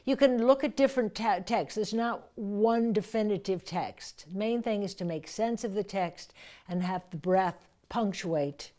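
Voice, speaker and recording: A woman voice coach with a medium-pitched, dark-toned voice speaks unhurriedly as she teaches verse speaking. She explains how to breathe through lines of verse, occasionally reading lines aloud with force.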